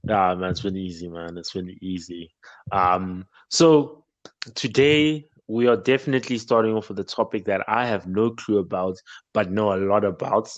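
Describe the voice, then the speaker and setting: A man hosting a podcast in casual chat, laid-back and full of pauses and fillers. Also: on the low side, fairly even intonation, no echo, highs cut off. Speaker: podcast host.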